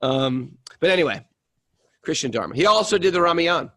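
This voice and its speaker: A man's voice: fairly high pitch, animated, normal speed, bright, forceful tone, no echo. A middle-aged man hosting a casual spiritual podcast, enthusiastic and self-deprecating, telling stories with animation. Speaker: podcast host.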